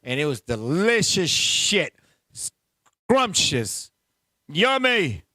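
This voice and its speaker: Brief: high-pitched NY man, 50s, loud profane show host, dry close sound. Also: extremely slow, dry recording. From Puerto Rico heritage, New York. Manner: loud, animated, profane storyteller. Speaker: podcast host. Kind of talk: casual banter.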